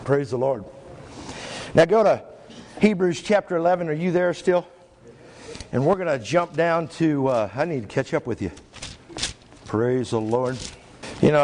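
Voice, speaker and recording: A male pastor preaching a sermon to his church, reading scripture slowly and stressing single words. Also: mid-range voice, a little mellow, slight background noise. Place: church sanctuary. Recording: echoey church hall.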